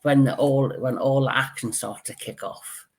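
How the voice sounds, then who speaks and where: A man's voice: mid-range voice, steady tone, moderate pace. A man with a British accent, a guest in a casual film review chat, talking through scenes.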